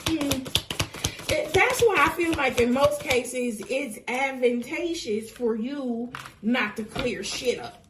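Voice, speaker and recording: A woman's voice: sits high, slow, background noise. A woman giving a casual tarot reading, talking bluntly and sassily with profane, preachy asides. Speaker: tarot reader.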